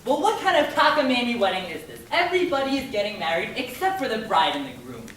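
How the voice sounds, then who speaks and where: Brief: woman as fussy exasperated hostess, lively swooping voice, echoey distant stage. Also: on the high side, fast, a little hiss or hum. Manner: exasperated, brassy, complaining. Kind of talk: stage musical performance.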